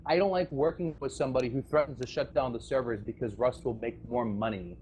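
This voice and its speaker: A man speaks into a voice-chat microphone, delivering an aggrieved, rambling speech to a community of players. His pitch sits in an ordinary middle range, and he stumbles through restarts and nervous laughs. A faint hiss runs under the voice. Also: fast talker, a little mellow. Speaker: former game server staff member addressing players.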